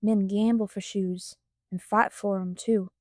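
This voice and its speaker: Storybook teen read by a woman: fifteen-year-old boy on the road, steady, earnest, firm. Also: mid-range voice, unhurried, no room sound, studio quality, close to an everyday voice.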